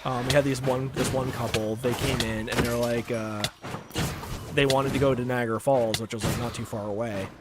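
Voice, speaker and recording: A man's voice: mid-range voice, steady tone, normal speed. Rambling young man on a noisy stream. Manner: rambling, filler-heavy, chuckling. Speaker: gaming streamer. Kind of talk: casual storytelling while gaming.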